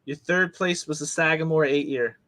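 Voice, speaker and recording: Bright-voiced man reading out results. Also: fairly high pitch, fairly even intonation, no room sound. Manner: brisk, teasing, matter-of-fact. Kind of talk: casual chat.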